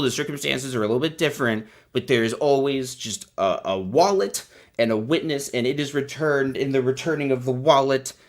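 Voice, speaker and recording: A man's voice: mid-range voice, a bit bright. A man hosting a livestream, giving sarcastic, rambling commentary in a casual chat. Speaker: host.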